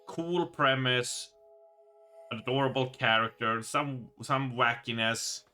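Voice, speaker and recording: Excitable man streaming a horror game. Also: medium pitch, slow pace, soft background music. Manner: excitable, swears and exclaims, reads in-game narration aloud. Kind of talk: live gameplay commentary, reading game text aloud.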